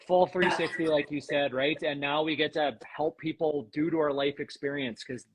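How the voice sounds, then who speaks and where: A man guest on a podcast, telling a personal story earnestly and with emotion, often pausing with "um". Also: fairly high pitch, fairly even intonation, crowd noise, poor audio. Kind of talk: casual conversation.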